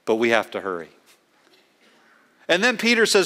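A man's voice: fairly high pitch, wildly swooping pitch, pushed and bright. Earnest man preaching in a reverberant hall. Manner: earnest, emphatic preaching with slowed stresses. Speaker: pastor. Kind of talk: sermon.

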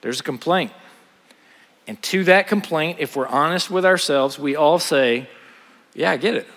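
A man's voice: fairly high pitch, normal speed, long reverb tail. A man preaching a sermon, acting out the voices in a parable and asking his listeners questions. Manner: animated, acts out parable voices, asks the audience questions.

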